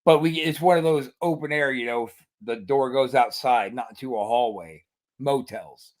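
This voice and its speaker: Male podcast host, animated storyteller, a touch high. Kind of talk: casual storytelling chat.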